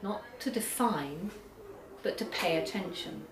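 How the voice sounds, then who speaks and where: Woman lecturer, measured academic delivery, lowish voice, distant mic in a roomy hall with audience. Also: crowd noise. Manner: measured, reads poems aloud slowly.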